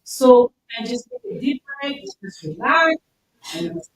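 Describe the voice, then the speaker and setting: Woman, emphatic community speaker, bit high, echoey hall, off-mic. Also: sing-song, a little slow. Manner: earnest, loud, emphatic, repeats herself. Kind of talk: informal talk to a mosque gathering. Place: mosque hall. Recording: echoey hall, distant mic, faint noise.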